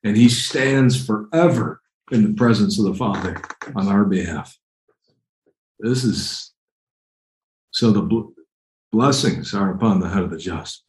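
A man's voice: fairly low pitch, a little mellow, roomy sound, rough recording. A man preaching a conversational, emphatic sermon, often repeating phrases as he explains Bible verses. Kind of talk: expository sermon.

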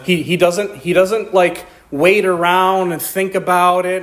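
A man preaching a sermon, reading scripture slowly and pushing his voice up high for emphasis before dropping it low and quiet. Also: fairly even intonation. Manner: reads scripture slowly in old-style wording.

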